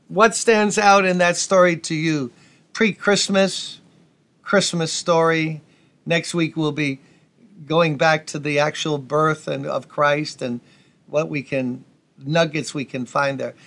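A male pastor preaching a folksy, energetic sermon with asides to the congregation. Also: on the high side.

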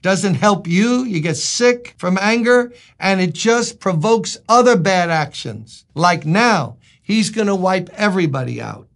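A man's voice: sits high, animated, unhurried, vocal fry, hardly any pauses. A male pastor preaching a sermon in an emphatic, conversational way, asking his listeners rhetorical questions.

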